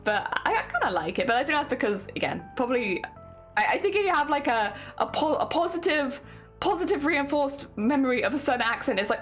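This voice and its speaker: A woman's voice: high-pitched, very animated, a little fast. A young woman with a southern English accent, chatting casually with viewers on a stream and laughing often. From southern England. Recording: faint music behind.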